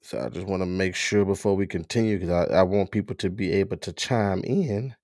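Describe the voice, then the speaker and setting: A man's voice: deep voice, fairly quick, a little mellow, no room sound, clean studio sound. A man with a stuffy nose hosting a casual livestream, talking straight to his viewers. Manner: chatty, talks straight to viewers, restarts and fillers. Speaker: livestream host.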